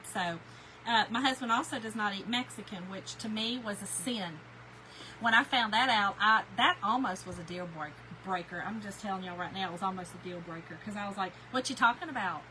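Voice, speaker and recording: A middle-aged Southern-accented woman from Kentucky hosts a crafting livestream, chatting casually, reading live comments, and spinning folksy stories. Her medium-pitched voice sounds pushed and bright at a moderate pace, and the audio is poor with slight background noise.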